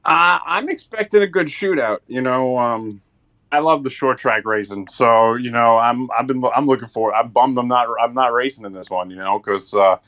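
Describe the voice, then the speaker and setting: A man of middling pitch joins a live sim racing broadcast as co-commentator from his home office. He talks in a relaxed, halting way and teases the host. His voice sits right in the middle of the range. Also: dry recording. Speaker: race co-commentator. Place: home office on a remote call.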